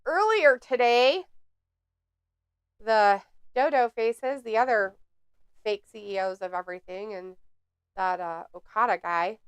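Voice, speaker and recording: A woman's voice: a little high, clean tone, no room sound. A woman hosting a live watch-along stream, reading chat aloud in a snarky, sarcastic way.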